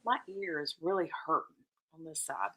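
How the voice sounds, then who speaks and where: Bright, chatty woman hosting a stream. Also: low-pitched, expressive, normal speed, slightly rough. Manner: chatty, laughs often. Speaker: live stream host. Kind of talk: casual live stream chat. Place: home.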